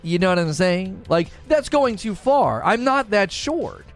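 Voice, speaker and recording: A middle-aged gaming streamer chats casually on a livestream, joking and repeating his phrases while faint music plays behind him. His voice is high and very animated, going a little slow.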